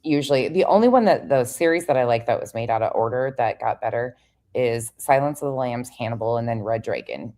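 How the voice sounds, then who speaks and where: A woman with a strikingly deep voice, hosting a casual livestream. She talks bluntly and teasingly and swears freely. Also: lively intonation, brisk, mellow. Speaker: livestream host.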